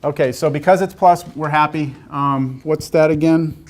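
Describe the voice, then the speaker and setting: A man lectures in a classroom with a fairly high voice. He talks his way through the math casually, thinking aloud and slipping in jokes. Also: steady tone, normal speed. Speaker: calculus teacher.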